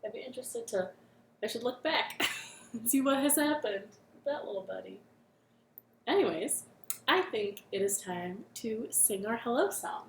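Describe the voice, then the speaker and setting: A woman hosting a children's storytime from her living room, speaking gently and encouragingly and singing with a ukulele. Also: fairly high pitch, lively intonation, normal speed, echoey room, slight background noise.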